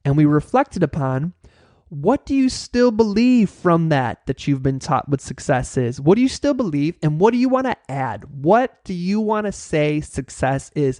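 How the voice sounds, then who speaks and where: A man leads a motivational class, upbeat and playful as he encourages his listeners. His voice sits a little high. The recording is dry, with no room sound. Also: a little mellow, no echo. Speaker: workshop host.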